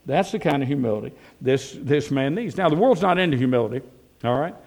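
A man preaching a sermon in a folksy, animated way, with rhetorical questions and frequent restarts. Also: medium pitch, fast. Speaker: pastor.

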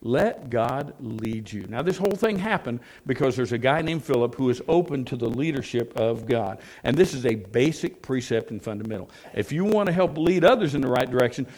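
A man's voice: mid-range voice, lively intonation, brisk, hardly any pauses, a little mellow, poor audio. A man preaching a sermon as a pastor, folksy and plain-spoken, often asking his listeners rhetorical questions.

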